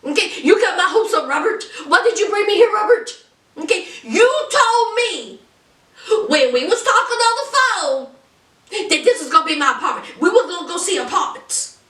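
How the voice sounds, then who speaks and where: A woman's voice: very high-pitched, expressive, brisk, pushed and bright, exaggerated voice. A woman imitating a disappointed young woman who pleads with her partner in an insistent, whiny way. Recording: roomy echo, distant from mic.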